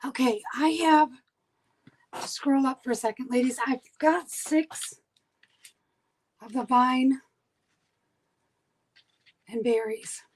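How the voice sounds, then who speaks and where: Woman, live sale host, husky voice, slow and unhurried, casual chatty selling. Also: sits high, poor audio. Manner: chatty, counting items and names aloud.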